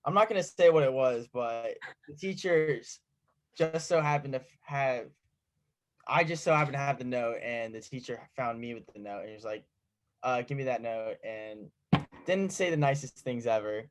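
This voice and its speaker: Teen male co-host, mid-low voice, relaxed storyteller who acts out quotes. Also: moderate pace. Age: teens. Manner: laid-back, acts out quotes in his anecdotes. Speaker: podcast co-host. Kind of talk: casual podcast storytelling.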